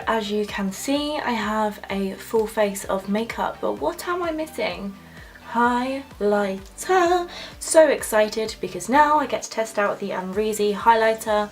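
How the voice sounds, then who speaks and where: A young woman gushing excitedly while talking through a makeup tutorial. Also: mid-range voice, gravelly. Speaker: makeup vlogger. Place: home filming setup with ring light.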